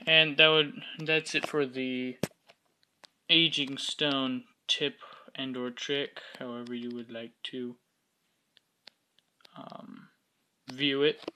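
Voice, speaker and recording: A man with a bright, forward voice talks through a building tutorial in a relaxed, unhurried way. He hesitates often and fills the gaps with ums. He pokes gentle fun at himself as he goes. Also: mid-range voice, slight background noise. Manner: hesitant, filler-heavy, self-mocking. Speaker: Minecraft building tutorial host. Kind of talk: casual screen-recorded tutorial commentary.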